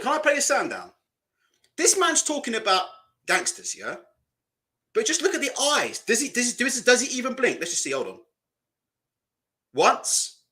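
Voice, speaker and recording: A man's voice: extremely high pitch, pushed and bright. A man doing casual, mocking live-stream reaction commentary, asking rhetorical questions and laughing often.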